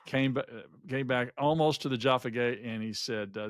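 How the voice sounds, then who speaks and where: In a dry recording, a middle-aged podcast co-host with a mid-range voice and moderate pace shares a travel story from his own life. It's casual talk, rambling and full of restarts, with lively impressions of what others said.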